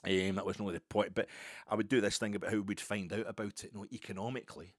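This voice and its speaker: A Scottish man with a very low voice hosts a podcast in a rambling, self-mocking monologue. He swears freely and jokes at his own expense. The sound is dry and close, with no room echo. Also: fairly even intonation, fast. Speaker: podcast host.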